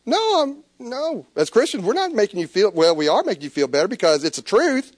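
A man preaching a sermon, animated, with stammered restarts. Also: sits high, brisk, no room sound, studio quality. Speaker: pastor.

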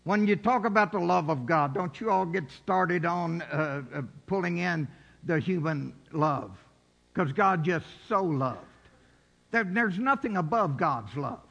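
A man's voice: fairly high pitch, animated, a little slow, vocal fry, fairly bright tone. A man preaching a sermon in a church, building to emphatic, rising exhortations. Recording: dull sound in a reverberant hall.

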